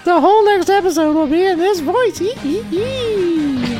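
A man putting on a cackling old witch voice in a comedy podcast bit, with a shrill, cackling manner. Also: expressive, a little slow, music in the background.

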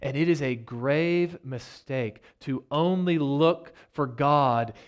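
A man, a church elder, preaching a sermon, reading scripture and retelling it with mounting intensity before dropping to a soft, low delivery. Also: takes it slowly. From Virginia, United States. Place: church sanctuary.

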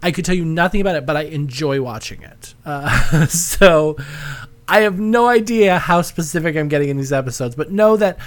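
A man's voice: a little high, animated, moderate pace. A man hosting a casual podcast, rambling and self-deprecating and laughing often. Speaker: podcast host.

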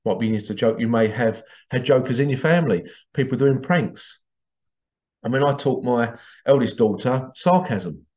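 A man's voice: medium pitch, animated, normal speed, a little mellow, lo-fi sound. A middle-aged man, casually telling stories to camera and breaking into laughter as he goes. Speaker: vlogger.

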